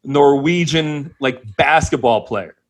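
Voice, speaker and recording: A man's voice: mid-range voice, slow pace. A man co-hosting a casual podcast, telling a rambling, self-mocking story and chuckling as he goes. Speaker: podcast co-host.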